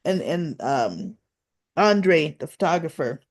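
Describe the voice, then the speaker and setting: A woman's voice: sits low, sing-song, takes it slowly. A woman chatting through a casual recap of a soap opera episode, tossing in tag questions and acting out what the characters said. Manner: retells scenes by acting out quoted lines.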